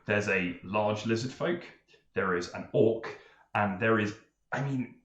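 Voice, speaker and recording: A man narrates a tabletop game as game master, his voice on the low side. He pauses and uses fillers while setting scenes, and the room echoes around him. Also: fairly bright tone, highs cut off. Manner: measured, hesitant, with many fillers.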